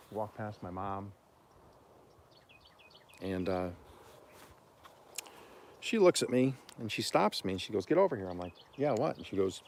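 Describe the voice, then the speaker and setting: A man from Oklahoma hosting a homestead livestream, telling stories in a rambling, folksy way and often clearing his throat. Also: fairly low pitch, slight background noise. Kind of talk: casual storytelling on a livestream.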